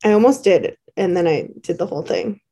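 A woman's voice: fairly low pitch, lively intonation, fairly quick, warm tone, slightly rough. A woman co-hosting a podcast in casual chat, talkative, with lots of fillers and easy laughs. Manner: chatty, laughs often, many fillers. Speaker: podcast co-host.

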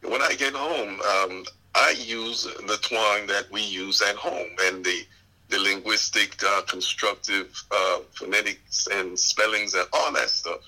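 A man from Panama with a West Indian accent, a guest in a casual interview, speaking in a measured, earnest way. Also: on the low side, fairly even intonation, pushed and bright, low-quality recording. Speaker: podcast guest.

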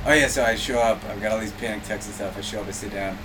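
A man's voice: lowish voice, steady tone, fast. A young adult man, a comedian, telling a funny story in casual chat, often breaking into laughter. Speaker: comedian guest. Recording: distant mic with clear noise.

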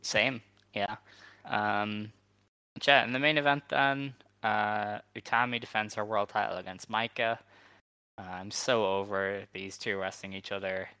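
A podcast co-host talks in a relaxed, opinionated way, tossing out quick asides packed with "like" and "um." His voice is lowish, steady, and sharp, with a clear, resonant tone on a dry recording.

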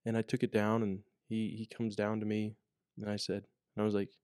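A man's voice: fairly low pitch, monotone, brisk, darkish tone, smooth, no echo. Rambling young man, dry close sound. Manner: rambling, with many fillers and restarts. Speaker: podcast co-host, corrections officer. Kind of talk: casual chat.

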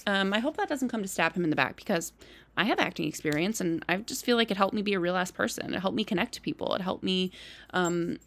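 A young woman hosting a casual podcast recap, talking chattily with lots of "like" and "um" and animated asides. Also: medium pitch, fast talker. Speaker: podcast host. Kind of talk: casual solo recap chat.

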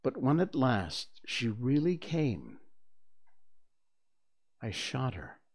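A man voicing a sorrowful, dignified young boy in a storybook reading, speaking quietly in a low, subdued voice. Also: wildly swooping pitch, very slow, gravelly, breathy edge, full character voice.

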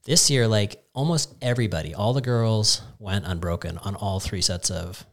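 A man's voice: lowish voice, moderate pace. A man co-hosting a casual podcast chat in an easygoing, agreeable way. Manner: easygoing, agreeable, backchannels often. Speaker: podcast co-host.

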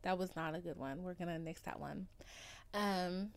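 A woman's voice: lowish voice, moderate pace. Overdramatic, tired young woman podcast host. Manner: overdramatic, playful and rambling. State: tired and loopy. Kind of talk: casual chat.

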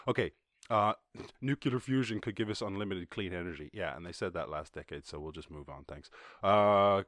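A man hosting a comedic podcast and riffing on news stories. He swears a lot, laughs often, and acts out other people in quick voices. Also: low voice, a bit bright, dry recording. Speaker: podcast host.

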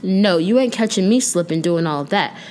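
A woman's voice: on the low side, lively intonation, moderate pace, a little mellow. A woman in her twenties hosting her own podcast, chatting casually and self-deprecatingly from her bedroom at home, often drifting off topic. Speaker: podcast host. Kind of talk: casual solo chat.

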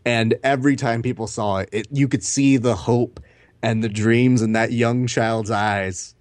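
A man's voice: mid-range voice, a little slow, no room sound. A man in his thirties, a podcast co-host, telling stories in casual chat and acting out the quotes, swearing now and then. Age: 30s. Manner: animated storyteller, acts out quotes, swears casually.

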